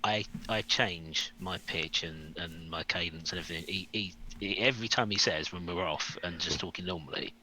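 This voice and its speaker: A man's voice: deep voice, normal speed, hardly any pauses, bright, forceful tone, slight background noise, poor audio. An English man with an English accent, a game master chatting casually and playfully. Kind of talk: casual group chat on a stream.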